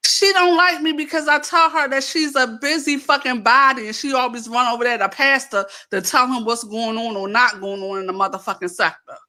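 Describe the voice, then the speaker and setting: A woman's voice: on the high side, fairly even intonation, brisk, hardly any pauses, sharp tone. A woman guest in a live chat room, ranting profanely and mocking someone in heated casual chat.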